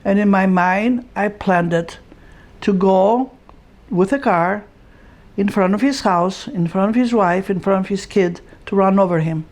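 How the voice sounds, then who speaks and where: A woman, the player's mother, giving measured personal testimony in an interview with simple, blunt phrasing. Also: mid-range voice, a little mellow.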